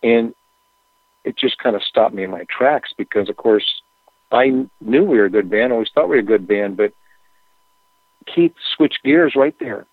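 A man, a musician guest, telling rambling anecdotes in a relaxed, casual interview with plenty of fillers. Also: medium pitch, normal speed, long pauses, dry recording. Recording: tinny phone line.

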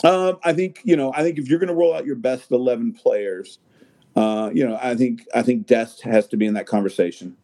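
Guy rambling about soccer on a podcast, mellow voice, tons of uh and you know. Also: mid-range voice, a little fast. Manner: rambling, many fillers and restarts. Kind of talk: casual chat.

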